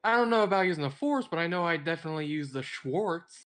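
A man guest in a casual podcast chat, cracking quick jokes. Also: a little high, lively intonation, fairly bright tone. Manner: joking, quick one-liners.

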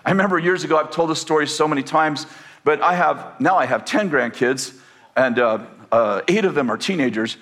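An older male preacher with a somewhat high-pitched voice tells a homely story, full of "uh"s and false starts. He then lifts into firm, emphatic declarations from the pulpit. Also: a little fast, a bit bright. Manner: folksy, rambling storyteller with many fillers and restarts. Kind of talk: sermon with personal storytelling.

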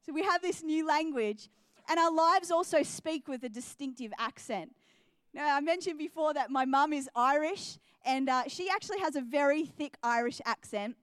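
A young woman preaching a sermon in a high, bright-pitched voice. She is earnest and builds her points into emphatic, repeated declarations. The sound is close and dry, with no room around it. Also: moderate pace, dry recording. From New Zealand and Australia.

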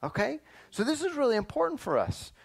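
A man teaching a lively Bible lesson to children, quizzing them and often calling "listen up" to get their attention. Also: very high voice, fairly quick, vocal fry, slightly rough. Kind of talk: animated Sunday school lesson.

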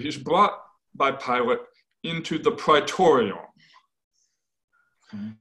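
A man explaining as a scholarly guest in conversation, animated, often checking in with "right?" and correcting himself as he goes. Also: mid-range voice, takes it slowly, long pauses, low-quality recording. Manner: animated, tags points with "right?".

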